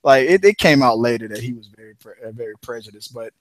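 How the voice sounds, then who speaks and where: A man's voice: medium pitch, expressive, fast talker. A man co-hosting a casual podcast chat, telling a long rambling story with frequent restarts. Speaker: podcast co-host.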